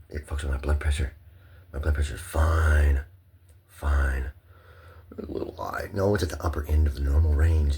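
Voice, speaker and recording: Very deep gravelly man, rambling monologue. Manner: swings between hushed murmurs and loud heated outbursts; profane, repetitive and impassioned.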